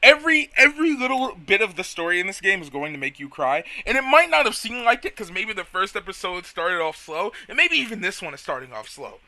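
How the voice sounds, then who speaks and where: A man hosting a casual let's play, talking in an excitable, rambling, self-mocking way. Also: high-pitched, brisk, hardly any pauses, no echo. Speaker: gaming video host.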